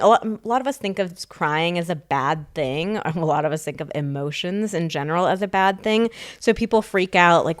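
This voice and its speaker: Frank, smooth-voiced woman podcast host. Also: mid-range voice, normal speed, dry recording, studio quality. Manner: frank, laughs often, animated storytelling. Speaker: sex therapist and podcast co-host. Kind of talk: casual podcast chat and advice.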